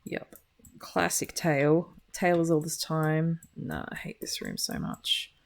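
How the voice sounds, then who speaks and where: A woman's voice: sits low, big pitch swings, a little slow, creaky. A woman giving gameplay commentary with a dry, wry and sarcastic manner. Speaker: gaming video creator.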